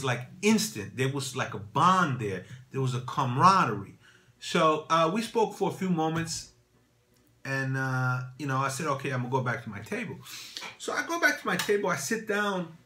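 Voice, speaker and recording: A man vlogging about watches, telling a rambling, casual story with many repeats and asides. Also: bright, forceful tone. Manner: rambling, repeats phrases, says "boom" and "right?".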